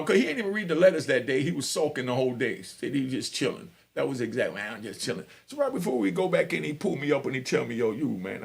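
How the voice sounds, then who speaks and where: Gravelly, rambling New York man. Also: a little high. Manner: animated, rambling, full of "you know what I mean". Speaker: host telling prison stories. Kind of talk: casual storytelling monologue.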